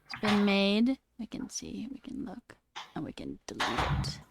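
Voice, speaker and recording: A woman's voice: mid-range voice, huge pitch swings, a little slow, vocal fry, background noise. A young woman streamer chatting casually and thinking aloud while she works on code. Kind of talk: casual coding stream chat.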